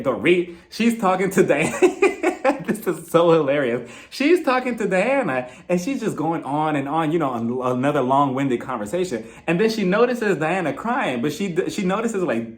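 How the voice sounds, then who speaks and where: A man's voice: a little high, moderate pace. A young man giving a sassy, casual recap of a reality show, acting out the cast members' lines in quotes. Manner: sassy, animated, acts out the cast's lines in quotes.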